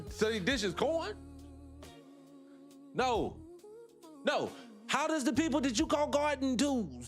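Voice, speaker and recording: A male morning-show host delivers a heated livestream monologue in a high voice. He drifts off on tangents, laughs to himself, then snaps back with question after question for his listeners. Faint music plays in the background. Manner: impassioned, fires rhetorical questions at listeners; digresses, laughs between points.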